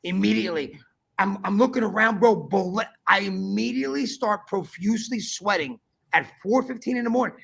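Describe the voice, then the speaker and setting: A man hosting a podcast, telling a story in animated casual chat, swearing often and calling his listener bro. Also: sits high, brisk, vocal fry, breathy edge. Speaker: podcast host.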